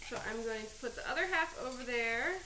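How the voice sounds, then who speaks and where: A woman with a slightly high, animated voice talks fairly quickly in a roomy space with a noisy background. Hosting a live cooking stream from her home kitchen, she chats and rambles while chopping, teary-eyed from onions and laughing at herself.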